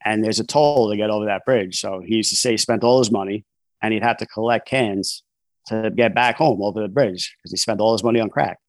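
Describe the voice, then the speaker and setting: A man recounts his past in a relaxed, candid podcast interview. His voice sits fairly low, and he talks in loose, chatty runs full of fillers and restarts. The sound is close and dry, with no room echo. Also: brisk. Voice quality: conversational, frequent "you know" fillers and restarts. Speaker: podcast guest, author in long-term recovery. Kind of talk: candid storytelling in a casual interview.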